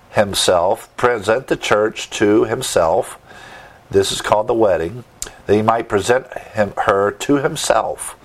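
A man preaching a sermon, teaching verse by verse with emphatic asides and rhetorical questions. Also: on the low side. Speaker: pastor.

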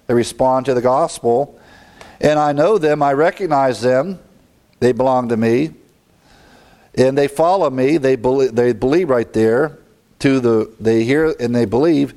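A man delivering a sermon that teaches Bible verses point by point, speaking with lively, rising emphasis on key words. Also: medium pitch. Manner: explains Bible text verse by verse. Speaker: preacher.

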